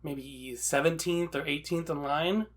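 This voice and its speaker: A man co-hosting a casual podcast chat, excitable and swearing freely. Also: a little high, a little slow. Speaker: podcast co-host.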